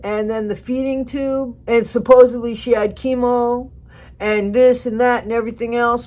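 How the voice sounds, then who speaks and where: A gossip vlogger with a mid-range voice comments casually on a reality show. Blunt and rambling, they swing between loud outbursts and muttered asides.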